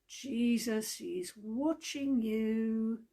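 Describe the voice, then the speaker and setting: A cheeky talking parrot delivers its lines slowly and solemnly, as a woman puts it on. The voice is gravelly and a bit husky, sitting fairly high. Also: steady tone, warm tone, full character voice. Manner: slow, solemn repeated warning.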